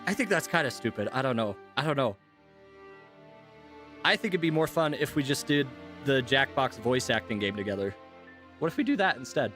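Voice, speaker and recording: A man with a slightly high voice chats loosely with his stream audience, rambling from one thought to the next. Soft guitar music plays faintly behind him. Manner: rambling, easygoing, talks to chat. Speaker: streamer and voice actor. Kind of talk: casual live-stream chat.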